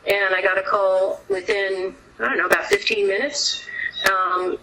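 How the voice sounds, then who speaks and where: A woman's voice: medium pitch, animated, normal speed, pushed and bright, low-quality recording. A middle-aged woman, a whistleblower guest, recounting a personal story in long runs with restarts and quoted dialogue. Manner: narrates in long runs with restarts, quoting others' words.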